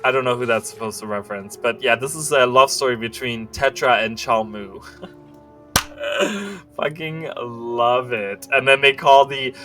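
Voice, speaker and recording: Bright-voiced male streamer reading game books. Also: medium pitch, normal speed, faint music behind. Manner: amused, laughing and swearing, stumbles over words while reading. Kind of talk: reading in-game books aloud with casual commentary.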